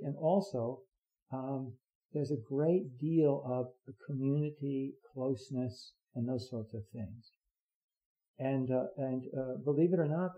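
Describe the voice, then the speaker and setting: An older man giving an earnest dharma talk as a Zen teacher, halting with many fillers and restarts. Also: medium pitch. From United States. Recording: dull lo-fi recording.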